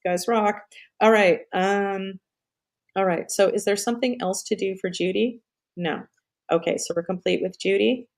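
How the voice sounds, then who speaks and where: A woman's voice: mid-range voice, normal speed, creaky. A middle-aged woman hosting a live stream in casual chat, rambling off on tangents, swearing and laughing often.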